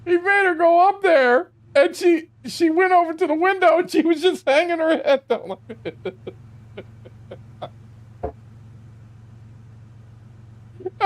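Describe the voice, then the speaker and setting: A man's voice: extremely high pitch, expressive, extremely slow, long pauses. A gaming streamer, a man, tells a rambling, profane anecdote and laughs all through it, with lots of exclamations. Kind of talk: casual storytelling while gaming.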